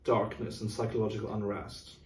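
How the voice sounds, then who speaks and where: A middle-aged, music-director-style man talks a little fast about classical music in a casual way, thoughtfully explaining and vocalizing rhythms. His voice is on the low side, a little mellow, with little pitch movement, recorded from a distance in a roomy space.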